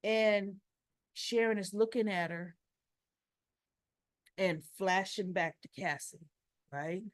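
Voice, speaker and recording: A woman's voice: medium pitch, slow pace, no echo, studio quality. A woman hosting a casual soap opera recap vlog, giving strong opinions and retelling scenes with quoted dialogue.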